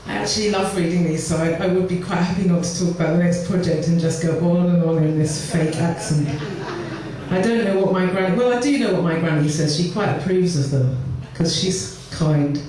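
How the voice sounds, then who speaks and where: A woman talks between poems in a chatty, self-deprecating way, tossing in quick asides. She is picked up from a distance. The room is very echoey, with a faint hiss behind her. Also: fairly low pitch. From London. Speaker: poet. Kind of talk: live poetry reading with chat between poems. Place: live performance venue.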